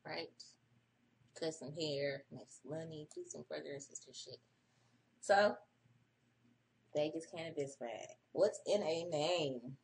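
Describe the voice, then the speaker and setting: A woman's voice: low voice, slow, creaky, long pauses, a little mellow, slight background noise. A woman hosting a casual early-morning livestream, profane and chatty, reading an article aloud and breaking off for her own asides. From United States. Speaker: livestream host.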